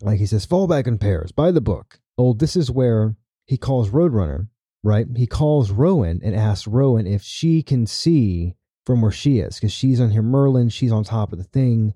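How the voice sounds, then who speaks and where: Podcast host, man, casual recapper, deep dark tone, dry mic. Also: animated, moderate pace, no room sound. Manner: chatty, tags lines with "right?".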